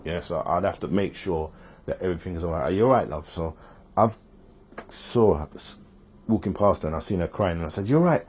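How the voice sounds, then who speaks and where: A man's voice: low-pitched, fairly quick, a little mellow, husky. A man telling a personal story in a rambling, casual way, often repeating himself and quoting what others said.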